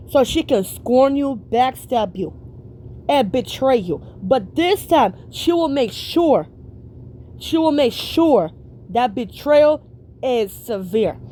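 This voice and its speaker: A high-pitched woman rants bluntly at her audience, stretching her phrases out for emphasis. Her tone is mellow and soft-edged despite the harsh words, and faint noise sits in the background. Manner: blunt, emphatic, drawn-out preaching. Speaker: reaction streamer. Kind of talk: profane reaction rant.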